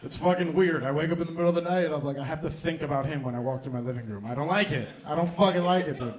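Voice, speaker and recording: A young man with a fairly high voice works a comedy club crowd through a handheld stage mic. His set is loose and profane, and he keeps laughing at his own lines. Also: very fast. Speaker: stand-up comedian and host.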